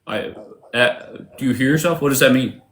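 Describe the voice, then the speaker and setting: A man's voice: medium pitch, moderate pace, a bit bright. A man hosting a livestream debate, combative and mocking, often interrupting his callers.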